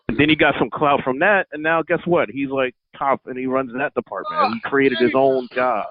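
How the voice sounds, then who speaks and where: A man's voice: medium pitch, fairly even intonation, fairly quick, few pauses. A man on a casual podcast, telling stories in a joking, playful way. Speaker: podcast co-host. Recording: dull sound with faint noise.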